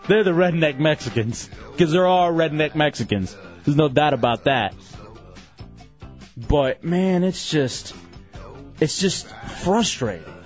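A man's voice: a little high, animated, slow pace, pauses often, lo-fi sound, soft background music. A man hosting a radio show in casual banter, telling stories with self-mocking asides.

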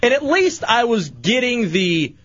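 Male host, 30s, high and animated, self-mocking banter, slightly muffled sound. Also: unhurried. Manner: self-deprecating, laughing often. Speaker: talk show host. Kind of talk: casual studio banter.

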